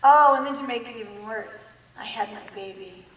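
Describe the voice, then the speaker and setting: Lady telling her testimony with jokes, high voice, far off in a big echoey hall, faint crowd. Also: normal speed, lo-fi sound. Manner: animated, self-mocking humor, acts out quotes. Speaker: guest speaker. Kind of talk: personal testimony talk. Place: large church hall with an audience. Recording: echoey hall recorded from afar.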